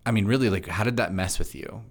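A man who hosts a church podcast, talking fast and chatty in a casual interview, with frequent laughs. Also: fairly low pitch, gravelly. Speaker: pastor and podcast host.

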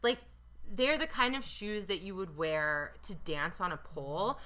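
A woman chatting casually as a podcast co-host, animated and quick to quote people in little voices. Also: lowish voice. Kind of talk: casual chat.

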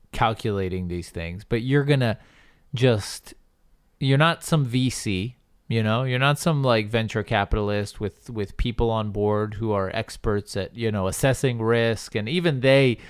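A man's voice: fairly low pitch, a little slow, clear, resonant tone, no echo, clean studio sound. A man co-hosting a podcast, chatting casually about politics and arguing his point with sarcasm. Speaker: podcast co-host.

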